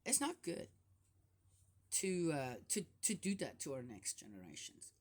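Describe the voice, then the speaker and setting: Older woman, casual Bible commentary, lowish voice, very animated pitch, chatty rhetorical asides. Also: unhurried. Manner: chatty, with frequent rhetorical "Yes?" and "Right?" asides; laughs often while talking. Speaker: Bible study host.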